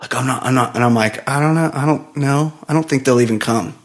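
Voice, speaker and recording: A man's voice: medium pitch, fairly quick. Rambling, laughing middle-aged man telling a story. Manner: rambling anecdote full of "like", laughs often. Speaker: podcast co-host. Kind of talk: casual storytelling chat.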